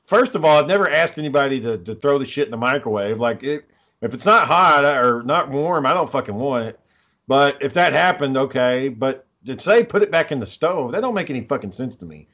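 A man's voice: mid-range voice, expressive, brisk, fairly bright tone. A man in casual conversation, talking bluntly and swearing heavily. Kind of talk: casual profane chat.

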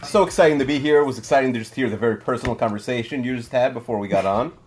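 Deadpan, teasing male co-host. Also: mid-range voice, very fast, soft background music. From Five Towns, Long Island. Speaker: podcast co-host. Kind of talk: casual podcast chat.

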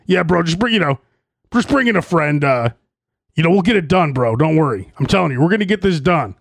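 A man's voice: on the high side, animated, fairly quick, creaky, no echo, clean studio sound. A man voicing a pushy male personal trainer doing a hard sell, pleading and wheedling and calling everyone bro.

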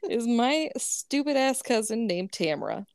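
Woman, storyteller cohost, higher pitch, meandering chatty delivery, dry mic. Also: sing-song, measured pace, darkish tone, clear, resonant tone, no room sound. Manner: rambling, lots of "like", laughs mid-sentence. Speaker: podcast co-host telling a story. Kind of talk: casual storytelling chat.

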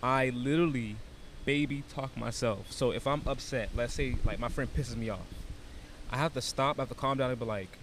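A man's voice: mid-range voice, normal speed, fairly bright tone, slight background noise. A man in casual conversation, explaining ideas animatedly with analogies and casual swearing. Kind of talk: casual chat.

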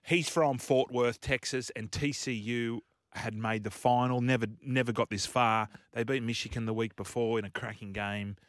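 Animated Australian man telling a story. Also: medium pitch, normal speed, hardly any pauses, no echo, clean studio sound. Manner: animated storyteller, laughs often. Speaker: radio co-host. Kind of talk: casual radio banter. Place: radio studio. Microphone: studio mic.

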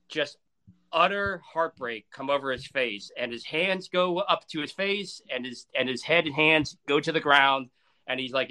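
A man's voice: a little high, bright, forceful tone. Profane, emphatic man retelling a wrestling match. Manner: profane, emphatic, acts out quotes. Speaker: wrestling storyteller. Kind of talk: animated casual retelling.

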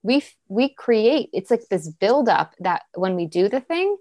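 A woman's voice: medium pitch, big pitch swings, measured pace, a little mellow. A woman guest speaking as an author and coach in a casual podcast conversation, with an encouraging, coaching tone.

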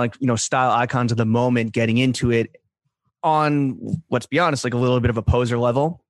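A man's voice: medium pitch, no room sound. A man hosting a podcast, asking long, winding, joking questions in a loose casual way. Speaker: podcast host.

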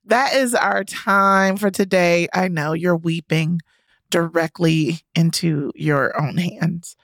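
Playful woman podcast co-host, gravelly edge. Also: fairly low pitch, steady tone, slow pace, no echo, clean studio sound. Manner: playful, joking, laughs often. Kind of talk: casual podcast chat.

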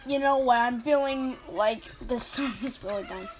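A woman's voice: fairly high pitch, moderate pace, rough recording. A young woman rambling through casual, silly game commentary, easily surprised, with game music playing behind.

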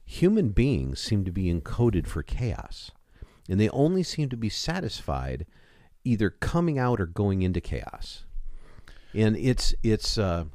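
A man co-hosting a podcast, musing in a halting, philosophical way in a studio. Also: fairly low pitch, wildly swooping pitch, a little mellow, dry recording. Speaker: podcast co-host. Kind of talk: casual comedic commentary.

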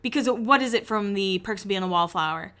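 A woman's voice: medium pitch, brisk, fairly bright tone. A young woman hosting a podcast, recapping a show in a chatty, opinionated way and swearing casually. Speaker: podcast host.

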